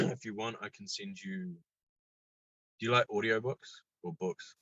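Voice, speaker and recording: A man chatting casually as a podcast guest, laid-back, swearing freely and getting lively when he tells stories. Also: lowish voice, measured pace, no echo, highs cut off. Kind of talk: casual chat.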